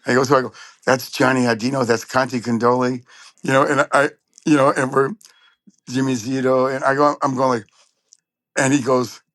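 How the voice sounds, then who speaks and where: Animated storytelling man, dry sound. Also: mid-range voice, a little fast, no room sound. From Southern California. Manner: animated storyteller, acts out quotes. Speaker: trumpet player guest. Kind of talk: storytelling interview.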